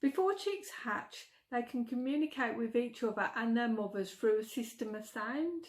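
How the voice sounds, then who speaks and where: A woman's voice: a little high, animated, moderate pace. A middle-aged woman with a Birmingham accent, vlogging in a chatty way, giggling and stumbling over words. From England. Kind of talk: casual chat.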